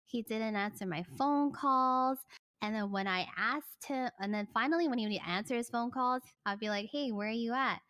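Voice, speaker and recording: A woman streamer casually telling a personal story, animated, swearing and full of "like" fillers. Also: on the high side, moderate pace, clear, resonant tone.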